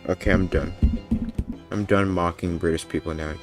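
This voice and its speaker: A man streaming a game, tired and joking with his guest in casual chat, mumbling one moment and loud the next. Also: deep voice, steady tone, normal speed, soft background music. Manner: joking, playful, jumps between mumbling and loud.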